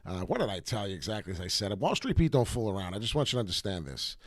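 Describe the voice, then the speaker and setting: Brash low-voiced man hosting a crypto stream. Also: big pitch swings, rapid-fire, no echo, clean studio sound. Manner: brash, hype-driven, swears casually. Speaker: crypto livestream host. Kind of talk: live market commentary.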